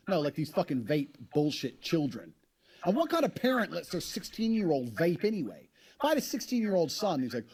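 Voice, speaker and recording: A brash man boasts and provokes with plenty of swearing, his pitch swooping in a lively way. His voice sits a bit high for a man. There is a clear noise bed behind him in the played clip. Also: a little fast. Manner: brash, profane, provocative bragging. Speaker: interviewee in played clips. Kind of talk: boastful monologue.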